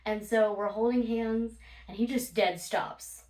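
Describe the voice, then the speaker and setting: A woman's voice: medium pitch, measured pace, darkish tone. A woman vlogger telling casual stories, blunt and profane, laughing often as she talks. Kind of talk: casual storytime monologue. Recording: roomy, from a distance.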